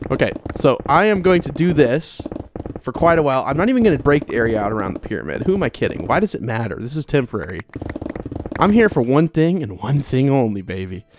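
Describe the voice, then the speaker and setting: A man's voice: medium pitch, background noise. Chatty young man narrating gameplay. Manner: chatty, rambling, self-deprecating, talks straight to viewers. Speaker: Minecraft let's play host. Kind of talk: casual gameplay commentary.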